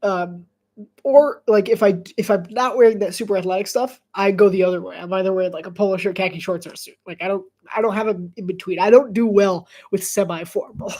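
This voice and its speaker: A congested woman calls a football game live in a casual, rambling way. She laughs often between plays. Her voice sits at an ordinary middle pitch. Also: steady tone, a little fast, dark tone. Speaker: sports commentator.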